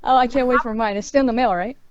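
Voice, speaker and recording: A teasing woman with a fairly high voice jokes with friends during a casual gaming chat. Her voice is muffled, coming over lo-fi online call audio. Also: fairly even intonation, rapid-fire, dry recording. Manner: teasing, joking.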